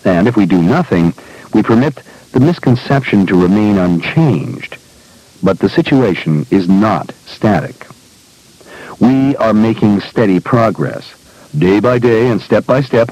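Husky, animated man reading an essay. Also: on the low side, dry recording, low-quality recording. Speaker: speaker recounting personal experiences.

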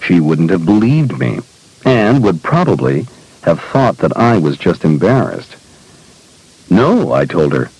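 A man reading a personal essay aloud in a measured, deliberate storytelling manner. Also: low-pitched, sing-song, a little mellow, breathy edge, dry recording, poor audio. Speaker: speaker recounting personal experiences.

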